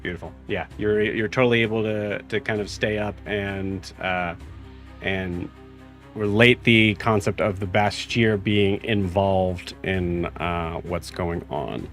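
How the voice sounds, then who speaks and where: A young man narrating as game master, halting and full of fillers as he describes the scene. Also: sits low, a bit bright, faint music behind.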